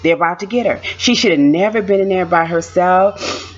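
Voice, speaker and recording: A woman vlogger telling a story in a chatty, animated way, repeating lines for emphasis, on a dull lo-fi recording. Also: on the low side, moderate pace. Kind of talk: casual storytime.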